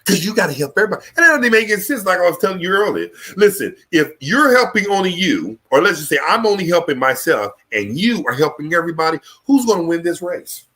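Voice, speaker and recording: A man's voice: high voice, big pitch swings, quick pace, few pauses, sharp tone. A man hosting a live talk show, delivering a fiery, profane political rant. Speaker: show host.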